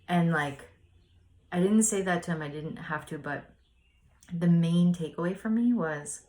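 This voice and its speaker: Woman, low voice, spiritual podcast host; loose, rambling, heartfelt storytelling. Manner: rambling, earnest, many "like" fillers. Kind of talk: casual spiritual reflection and storytelling.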